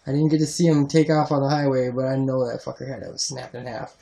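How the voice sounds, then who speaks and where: A man's voice: medium pitch, fairly even intonation, fast talker, vocal fry, mellow, poor audio. A man co-hosting a casual podcast chat, laid-back and profane, often laughing along. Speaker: podcast co-host.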